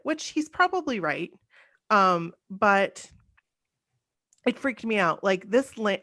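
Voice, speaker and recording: A woman's voice: medium pitch, a bit bright. A woman in her forties hosting a casual podcast, telling a personal story in long run-on sentences full of "like.". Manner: chatty, run-on storytelling with many "like"s. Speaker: podcast host.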